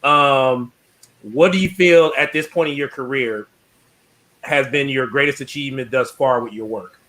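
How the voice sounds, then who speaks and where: A man hosting an interview, asking a question with hesitant pauses and fillers. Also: mid-range voice, fairly bright tone. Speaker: host.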